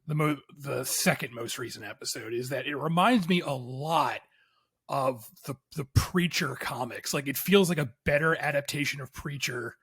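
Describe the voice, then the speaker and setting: A man's voice: mid-range voice, moderate pace, a bit bright, slightly rough, no room sound, studio quality. A man on a film podcast panel, speaking eagerly and enthusiastically in casual chat.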